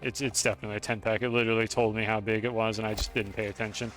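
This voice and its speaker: A man's voice: on the low side, flat delivery, rapid-fire, fairly bright tone, faint music behind. A young man streaming a video game, chatting casually with his chat and swearing freely while he plays. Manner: chatty, profane, talks to chat.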